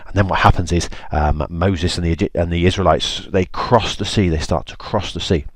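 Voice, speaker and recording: Deep-voiced teacher telling a story. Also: male voice, brisk, no echo. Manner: animated, chatty, with frequent ums. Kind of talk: storytelling lesson on video.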